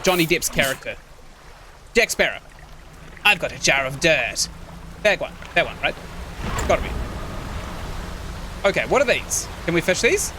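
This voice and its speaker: A man's voice: on the high side, noisy background. A young man chatting casually while streaming a video game and reading its text aloud. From New Zealand. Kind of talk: casual gameplay commentary.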